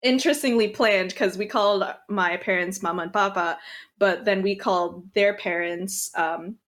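A woman's voice: medium pitch, moderate pace, a bit bright. A woman on a podcast chatting casually, laughing often and restarting her sentences. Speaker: podcast co-host. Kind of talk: casual chat.

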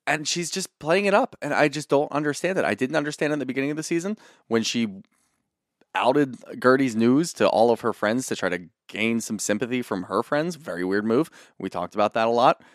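A man's voice: medium pitch, lively intonation, fairly quick, no echo, studio quality. A man co-hosting a podcast, joking and musing in a casual recap chat. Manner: joking, conversational, mildly puzzled. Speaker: podcast co-host.

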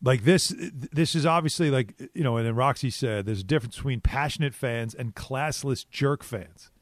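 A man's voice: mid-range voice, normal speed, no echo, studio quality. A man hosting a sports radio show, talking casually and animatedly as he takes calls.

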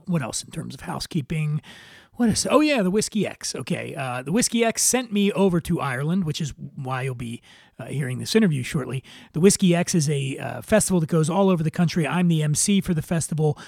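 Podcast host, man from Philadelphia; gravelly, dry close-mic sound, wry and jokey. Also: on the high side, expressive, a little fast, darkish tone, dry recording. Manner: wry, joking asides with filler words. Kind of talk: podcast monologue with housekeeping and scripted narration.

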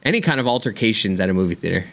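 A male co-host in relaxed podcast banter, dropping in quick questions and wisecracks. His pitch is ordinary, but his delivery swings widely. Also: creaky. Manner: interjecting, joking reactions. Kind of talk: casual chat.

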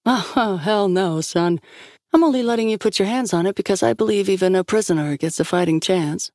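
A woman's voice: medium pitch, brisk, a little mellow, dry recording, voice pushed up, close to an everyday voice. A woman voicing a dry, no-nonsense woman guarding the team's equipment. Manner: dry, wry.

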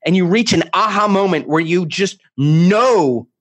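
Guy on a podcast as a guest, fired up, acts out what buyers say, kinda high voice. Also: animated, unhurried, a bit bright. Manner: emphatic, acts out buyer quotes, many restarts. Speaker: guest author. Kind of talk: animated interview talk.

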